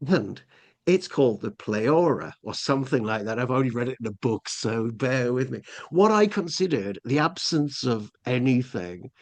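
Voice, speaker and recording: Here a middle-aged man from England spins a lengthy personal tale as a podcast guest, wandering through it with frequent fillers and false starts. He speaks at a normal speed in a medium-pitched, sing-song voice.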